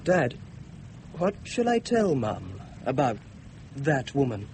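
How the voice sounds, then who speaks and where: A man's voice: medium pitch, huge pitch swings, slow pace, darkish tone, slight background noise, full character voice. An actor playing a polite, nervous teenage boy, eager and stammering, in 1950s radio drama style. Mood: awkward.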